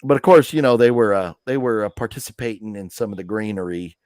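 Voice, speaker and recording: A man's voice: on the low side, quick pace, darkish tone, dry recording, studio quality. A man hosting a live movie news stream, telling stories in a rambling, chatty way with lots of fillers. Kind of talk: casual chat.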